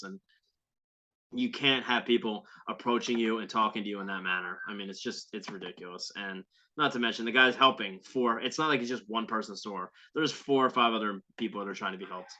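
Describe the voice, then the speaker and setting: A man's voice: on the low side, a little fast, pushed and bright. A man hosting a podcast, delivering heated, profane, sarcastic commentary on a viral video clip. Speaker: podcast host. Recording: dull lo-fi sound.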